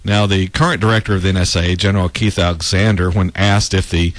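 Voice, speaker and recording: A man's voice: deep voice, flat delivery, quick pace, no room sound. A man hosting a talk show, giving casual political commentary in a sarcastic tone and laughing at his own remarks. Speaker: radio talk show host.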